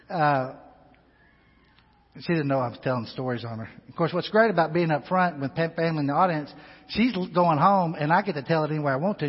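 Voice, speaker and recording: A man with a fairly high, husky voice preaches a sermon with personal storytelling in a church sanctuary, swinging between hushed, intimate asides and loud, rising exhortation. A long hall reverb trails his words, and the recording is dull and lo-fi.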